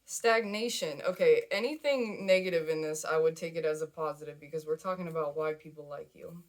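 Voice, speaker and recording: A woman's voice: sits low, brisk. Chatty emotional woman reading tarot. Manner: chatty, emotional, repeats words, laughs often. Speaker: tarot card reader. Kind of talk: casual tarot reading to camera.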